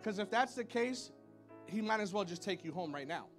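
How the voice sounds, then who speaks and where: High-voiced chatty man preaching. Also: animated, normal speed, faint music behind. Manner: chatty and playful, lots of "y'all" and "like", with high playful sound effects. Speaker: pastor. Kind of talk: casual sermon. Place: church sanctuary with a congregation.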